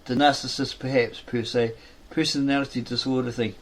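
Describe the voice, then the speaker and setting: Flat-voiced man rambling through a story. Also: mid-range voice, fairly quick. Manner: rambling, self-correcting. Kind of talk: reading a fan story aloud.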